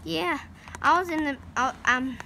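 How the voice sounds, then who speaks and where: A woman's voice: high voice, unhurried, creaky, sharp tone, a little hiss or hum, exaggerated voice. A woman playing a chatty young space hero. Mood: eager. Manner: chatty, hesitant with many fillers. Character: young male space hero, friendly and eager.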